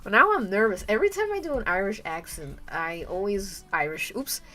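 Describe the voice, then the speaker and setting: A woman's voice: on the high side, very animated, fast. A young woman chatting casually on her art stream, rambling and stopping herself mid-sentence, often laughing. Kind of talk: casual live-stream chat. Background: soft background music.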